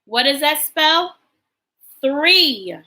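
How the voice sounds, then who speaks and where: A woman teacher leading a livestreamed lesson for young children, encouraging them and spelling out words slowly for them to repeat. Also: sits high, expressive, sharp tone, low-quality recording.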